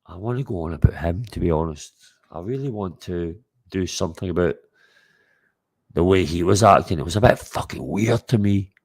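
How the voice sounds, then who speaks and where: A man's voice: low voice, moderate pace. A Scottish man hosting a livestream, boisterous and sweary, calling out to his viewers in casual chat. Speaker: livestream host.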